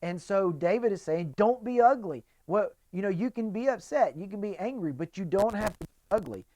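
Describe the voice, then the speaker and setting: A man's voice: sits high, expressive, normal speed, dark tone, no room sound. A middle-aged man giving a casual, conversational sermon as a pastor, acting out quotes in voices.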